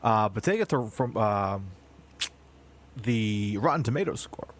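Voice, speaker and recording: Halting, word-repeating man on a podcast. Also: fairly low pitch, expressive. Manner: halting, repeats words often. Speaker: podcast co-host. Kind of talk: casual chat.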